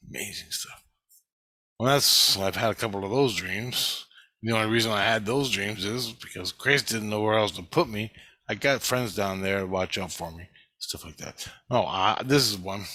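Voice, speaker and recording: A man with a fairly low, sharp-toned voice rambles through a monologue recounting his dreams for a vlog. He swears a lot and acts out quoted lines, and the recording has no echo.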